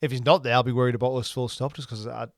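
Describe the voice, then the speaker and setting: A man with a gravelly voice chatting football on a podcast. He is easygoing and keeps tossing questions back at his co-host. The recording is dry and close. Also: medium pitch, fairly even intonation, rapid-fire, dry recording. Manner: easygoing, chuckles a lot, ends points with tag questions. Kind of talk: casual football chat.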